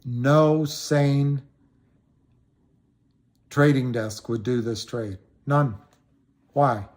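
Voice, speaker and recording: A man's voice: mid-range voice, steady tone, extremely slow, darkish tone. A middle-aged man hosting a casual livestream, rambling and repeating himself for emphasis, his voice climbing when he gets worked up. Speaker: livestream host talking stocks. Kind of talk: casual livestream talk answering viewers.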